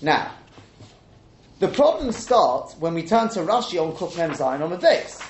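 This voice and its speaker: Guy giving a talmud class, keeps asking questions, lively high voice, echoey room. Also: unhurried, slight background noise. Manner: animated questioning delivery, mixing Aramaic and Hebrew terms. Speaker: Talmud teacher.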